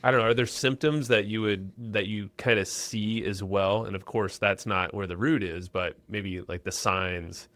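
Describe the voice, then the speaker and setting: A man's voice: fairly low pitch, steady tone, moderate pace, hardly any pauses, fairly bright tone, dry recording. A man hosting a podcast interview, asking long rambling questions. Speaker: podcast host.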